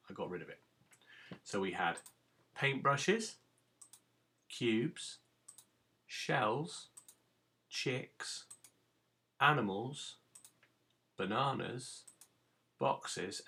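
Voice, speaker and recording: A man's voice: medium pitch, lively intonation, takes it slowly, long pauses, sharp tone. A man teaching a recorded phonics lesson to young children, giving patient step-by-step instructions. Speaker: primary school teacher.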